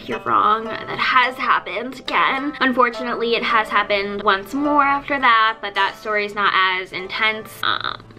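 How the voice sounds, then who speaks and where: A young woman telling a story in a casual vlog, chatty and animated, acting out the people she quotes. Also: a little high, normal speed, hardly any pauses, faint music behind. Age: young adult. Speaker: vlogger.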